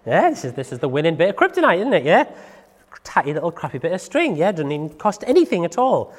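A man's voice: on the high side, very animated, fast talker, in a large hall. A man, a dog trainer explaining in a casual chatty way, full of tag questions. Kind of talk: casual instructional talk to camera.

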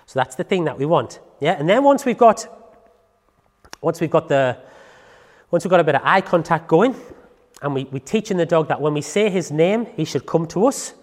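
A man's voice: on the high side, animated, normal speed, darkish tone, long reverb tail. A man teaching dog training in a casual, chatty way, often checking in with the listener.

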